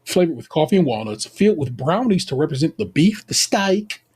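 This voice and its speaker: A man's voice: a little high, brisk, breathy edge. An American man co-hosting a podcast, recapping a baking show in a playful casual chat full of slang. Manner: animated, playful, Southern-leaning slang like y'all. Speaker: podcast co-host.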